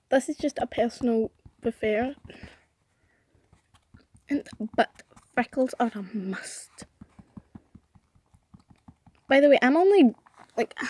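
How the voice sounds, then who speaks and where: A woman's voice: high-pitched, a little mellow, a little hiss or hum. Chatty young woman sketching on camera. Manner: chatty, self-deprecating, rambling. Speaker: vlogger. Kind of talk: casual drawing commentary.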